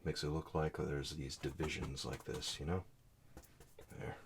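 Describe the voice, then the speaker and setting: A man giving a soft-spoken oil painting lesson, muttering asides as he works. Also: rumbling low, flat delivery, unhurried, noisy background. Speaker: art teacher.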